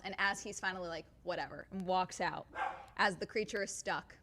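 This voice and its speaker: A woman's voice: fairly low pitch, moderate pace, noisy background. Chatty woman rambling on a stream. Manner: rambling, animated, many fillers and restarts. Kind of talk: casual livestream chat.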